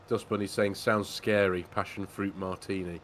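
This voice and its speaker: A man's voice: low-pitched, slight background noise. A man, co-hosting a farming game livestream in casual, jokey chat and reading out viewer messages. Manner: jokey, chatty, says mate a lot, reads chat messages aloud. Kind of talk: casual live-stream chat.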